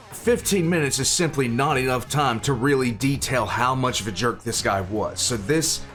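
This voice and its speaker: A man's voice: mid-range voice, a bit bright. An older man hosting a reaction video, chatting casually with a sarcastic, exasperated edge and frequent laughs. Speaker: reaction channel host.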